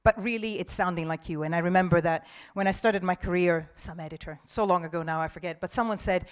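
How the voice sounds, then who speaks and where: A woman in her forties, not a native English speaker, a broadcast journalist giving an animated, expressive talk on a festival panel. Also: on the low side, brisk. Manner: animated, expressive, acts out quotes.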